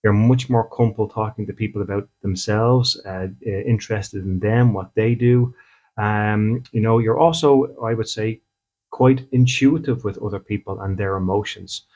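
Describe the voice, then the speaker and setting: A man's voice: on the low side, steady tone, normal speed, darkish tone, dull audio. Chatty man talking to his audience. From Ireland. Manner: conversational, acts out little dialogues, often checks in with "okay?". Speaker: spiritual medium and podcast host. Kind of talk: casual talk to the audience.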